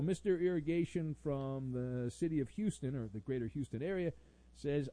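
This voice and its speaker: A man's voice: on the high side, normal speed, warm tone, no echo. Wisecracking male sports radio host. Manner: sarcastic, jokey, rambling asides. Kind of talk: sports radio talk reading listener messages.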